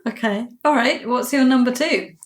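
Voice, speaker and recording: A woman's voice: fairly high pitch, normal speed, reverberant. A woman hosting a podcast, asking short, curious questions in casual chat. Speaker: podcast host.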